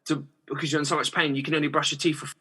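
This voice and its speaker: A man's voice: on the high side, flat delivery, rapid-fire, sharp tone, slightly rough. A young man, a singer-songwriter talking casually as a podcast guest, rambling and laughing often with many restarts. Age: young adult.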